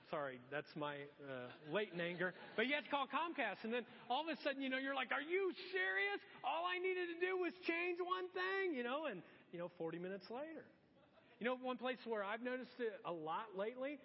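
A middle-aged male pastor preaching a sermon in a church, acting out exasperated asides. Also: extremely high pitch. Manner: animated, acts out exasperated asides. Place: church auditorium. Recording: long church-hall reverb, dull lo-fi sound.

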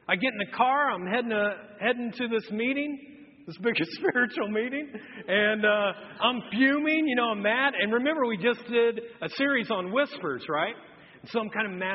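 A man in his thirties delivers a humorous, self-mocking sermon, his fairly high, slightly husky voice rising and falling with lively swings. The sound is muffled and rings with long reverb from a large church hall. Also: brisk. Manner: storytelling, animated, self-mocking. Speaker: pastor. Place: church auditorium.

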